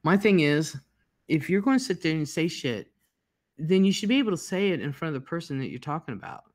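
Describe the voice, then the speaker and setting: A man hosting a livestream, talking calmly and reassuringly in casual chat. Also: fairly high pitch. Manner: calm, reassuring, deliberate. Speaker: livestream host.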